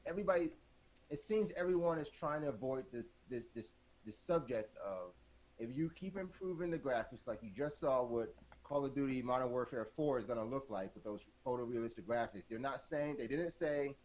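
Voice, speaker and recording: A man co-hosting a gaming podcast, talking in a casual, animated, rambling way. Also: medium pitch, normal speed. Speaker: podcast co-host.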